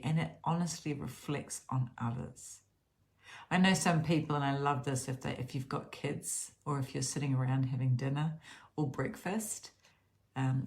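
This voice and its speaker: A woman with a low voice talks through a gratitude routine in a casual self-help style. She is earnest and rambling, often restarting and repeating her words. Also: darkish tone.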